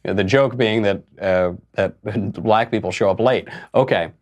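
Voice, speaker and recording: A man's voice: lowish voice, moderate pace, muffled recording. A man hosting a political commentary show, talking in a sarcastic, mocking way and laughing between his points. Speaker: host.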